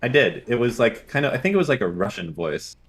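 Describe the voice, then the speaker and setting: A man's voice: mid-range voice, sing-song, quick pace. A young man co-hosting a call-in dating show, casual, crude and joking, swearing often. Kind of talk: casual streaming chat.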